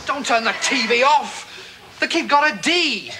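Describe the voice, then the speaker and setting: An actor with a British accent playing a dry, sardonic gentleman ghost in a 1980s sitcom, full of theatrical put-downs. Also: very high-pitched, animated, measured pace. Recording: hissy old VHS TV broadcast.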